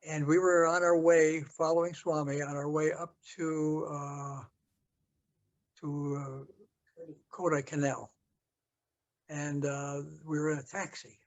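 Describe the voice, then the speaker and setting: An older American man telling a story from his past in an interview, halting with many fillers and restarts. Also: a little high, little pitch movement, lo-fi sound. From United States. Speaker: interview guest. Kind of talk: storytelling recollection.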